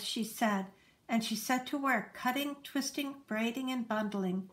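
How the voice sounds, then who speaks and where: A woman reading a children's picture book aloud in a gentle, lively storytelling manner. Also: on the high side, unhurried.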